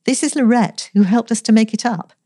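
A woman reading an effusive young woman in a storybook, high and excited. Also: a little fast, close to an everyday voice. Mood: gushing.

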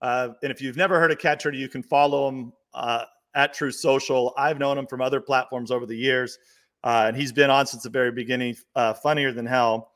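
A male host keeps the talk moving with upbeat, teasing questions for his guests. His voice sits at an ordinary middle pitch and his delivery is easygoing. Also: fairly even intonation, fairly quick, fairly bright tone. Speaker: show host. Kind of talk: hosting a political talk show.

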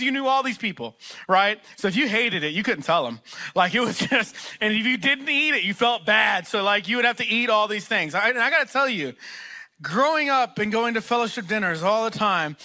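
A man from Texas, a location pastor giving a sermon full of self-deprecating, humorous stories. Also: high voice. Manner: animated, self-deprecating storyteller. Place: church auditorium.

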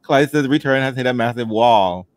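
A man's voice: medium pitch, moderate pace, no room sound, clean studio sound. A man co-hosting a podcast in casual chat, joking and rambling. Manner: joking, rambling, talks over others. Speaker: podcast co-host.

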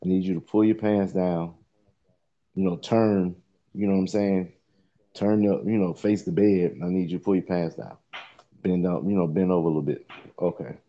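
A man's voice: low-pitched, fairly even intonation, normal speed, pauses often, mellow, highs cut off. A man telling an embarrassing story in a casual podcast chat, rambling with lots of fillers and swearing.

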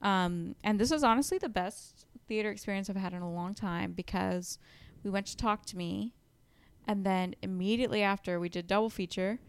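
A woman's voice: medium pitch, normal speed, clear, resonant tone. A young woman co-hosting a podcast, chatting casually and rambling through a movie recap with lots of ums and likes. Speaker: podcast co-host. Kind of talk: casual chat.

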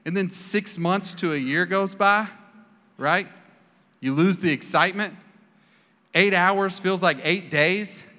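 A man's voice: high-pitched, takes it slowly, long pauses, sharp tone. A man in his thirties preaching a sermon in a casual, storytelling way, acting out the voices he quotes. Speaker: pastor. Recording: long reverb of a large hall.

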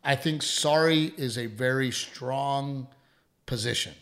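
A middle-aged man co-hosting a casual chat show, talking in an animated way, acting out quotes and swearing freely. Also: mid-range voice, takes it slowly. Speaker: podcast co-host.

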